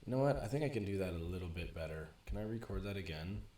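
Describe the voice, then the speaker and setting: A man's voice: deep voice, animated, fast, warm tone. A man teaching a music production walkthrough into a USB desk microphone, chatty and self-correcting as he explains. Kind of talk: screen-recorded tutorial walkthrough.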